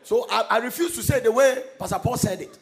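High-voiced, gravelly preacher man. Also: fairly quick, a faint crowd. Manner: emphatic preaching with sudden shouted, sung-out phrases and laughter. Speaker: pastor. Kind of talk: sermon.

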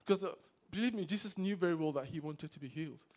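A man preaching a sermon to a congregation, swinging between loud exhortation and quiet asides. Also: on the high side, fast. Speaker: pastor. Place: church service.

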